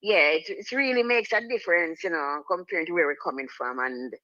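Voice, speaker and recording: A caller phones into a live show to give thanks, relaxed and grateful. The voice is bright and forward, and it comes through a dull, muffled line. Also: mid-range voice, fairly quick, no echo.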